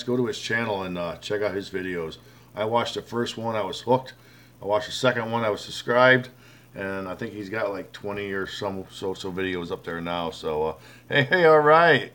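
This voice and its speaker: A man with a lowish, slightly bright voice hosts a laid-back live stream, greeting viewers by name and calling them bud. He rambles, reads their comments out loud, and often uses fillers and restarts sentences.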